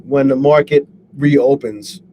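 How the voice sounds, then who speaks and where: A man on a live stream, swearing a lot and talking excitably while he reads out viewers' names and goes over his trades. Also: mid-range voice, slow. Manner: profane, excitable, shouts out chat viewers. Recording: steady background noise.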